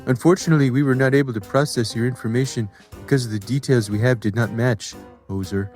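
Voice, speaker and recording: A man reading a scam email aloud in a jokey mock Canadian accent, deadpan. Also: mid-range voice, quick pace, faint music behind, lightly acted. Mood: mock-official.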